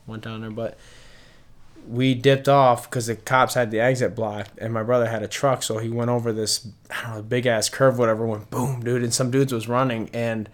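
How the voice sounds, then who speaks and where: A man telling a casual story among friends, loose and halting with restarts. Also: mid-range voice, flat delivery. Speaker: friend in conversation.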